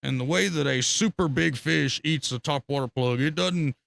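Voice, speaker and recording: Gravelly excitable man. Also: a little high, normal speed. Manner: profane, excitable, laughs often. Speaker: podcast guest. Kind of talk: casual storytelling.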